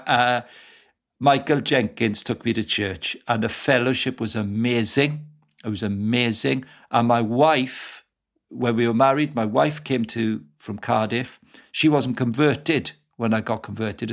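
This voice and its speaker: A man's voice: mid-range voice, unhurried. A middle-aged Welsh man from Wales, a guest evangelist telling stories in a casual interview and laughing often. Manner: lively storyteller who laughs often.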